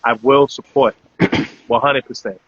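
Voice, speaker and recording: New man hosting live chat, bright forward voice, dry close sound, rambly hype with fillers, lo-fi. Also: mid-range voice, fairly even intonation, measured pace, slightly rough, dry recording. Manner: loose, promotional, many "um" fillers. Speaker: host. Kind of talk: casual live-stream chat. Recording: dull lo-fi audio.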